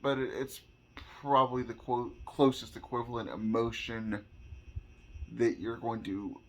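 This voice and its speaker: A man speaks slowly and deliberately, often stopping and repeating a word before going on. His tone is earnest and personal, the voice of someone explaining a subject he has lived through to viewers. His pitch sits in a middle range for a man. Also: level tone, a bit bright. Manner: slow, halting, repeats words while searching for phrasing; earnest, speaks from own experience. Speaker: vlogger.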